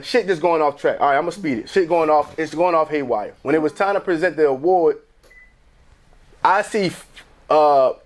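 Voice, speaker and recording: A man holds the floor on a casual podcast, telling a long story with plenty of swearing. His pitch sits a bit high and leaps even higher whenever he acts out what other people said. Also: slight background noise. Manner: profane, animated storyteller acting out quotes. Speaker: podcast co-host.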